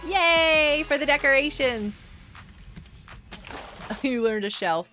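A woman's voice: sits high, animated, extremely slow, pushed and bright, soft background music. A woman streaming a survival game, chatting playfully and scolding her teammates in mock outrage. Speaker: gaming streamer. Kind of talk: casual gameplay commentary.

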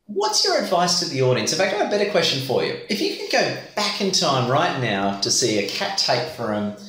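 Jokey animated male host, echoey room. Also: mid-range voice, fairly quick. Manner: jokey, animated, rambling questions. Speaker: interviewer, host. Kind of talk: casual interview chat.

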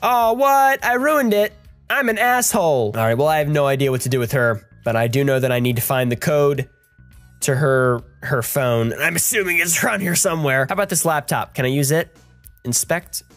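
A young man giving crude, sarcastic commentary while playing a game, jumping between high mock voices and low mumbles. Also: brisk, a bit bright. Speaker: gaming commentator. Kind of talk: crude joking let's-play commentary. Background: faint game music.

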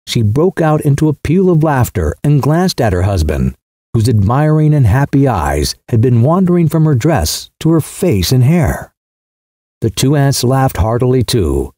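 A man's voice: medium pitch, very animated, measured pace, warm tone, husky, dry recording, clean studio sound. A man narrating a literary short story as an audiobook, shifting his voice for the characters.

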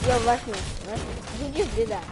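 A woman's voice: on the high side, brisk. A woman live streaming an online shooter game, teasing and laughing as she plays, breaking into short sung snatches. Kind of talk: excited gaming live stream. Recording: loud game gunfire behind. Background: loud gunfire and game sounds.

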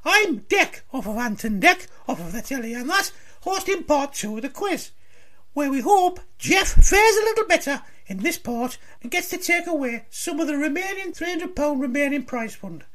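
A man plays a chipper male TV presenter running a radio quiz, chirpy and teasing. The voice sits very high, far above a normal man's talk. It is a comedy radio sketch with quick, bouncy hosting. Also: big pitch swings, sharp tone, heavily acted. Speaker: quiz show host.

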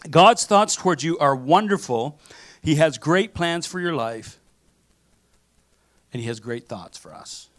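Animated man preaching a sermon. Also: a little high, unhurried, long pauses. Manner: animated storytelling with acted-out quotes. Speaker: pastor. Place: church sanctuary.

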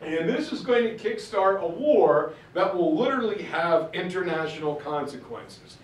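A man with a fairly high voice lectures on history in a chatty, animated way. He drops into slangy character voices and personal asides. He sounds a little distant from the mic in an echoey room. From western Pennsylvania. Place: room with audience.

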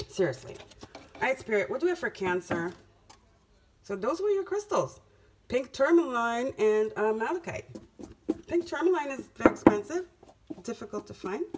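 A woman reads tarot cards for her audience in a casual, spiritual way. She talks emphatically, circling back to the same phrases to drive them home. A steady noisy background with clicks sits under her voice. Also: on the high side. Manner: emphatic, repeats phrases for effect. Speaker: tarot reader.

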